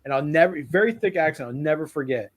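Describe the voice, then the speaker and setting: A man's voice: on the high side, fast. A young man hosting a casual video chat, joking around and telling stories. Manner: joking, storytelling with put-on quotes. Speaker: host.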